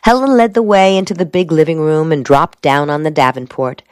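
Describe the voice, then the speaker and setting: A woman narrating a novel in a measured, even storytelling manner. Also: low-pitched, no echo. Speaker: audiobook narrator. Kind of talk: scripted narration.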